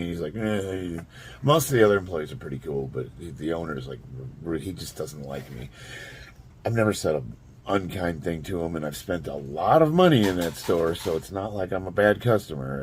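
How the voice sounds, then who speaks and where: Middle-aged guy with a real low voice rambling thru a story, lively ups and downs, bit of faint noise behind. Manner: rambling, chuckling, with frequent fillers. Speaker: vlogger. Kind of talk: casual storytelling vlog.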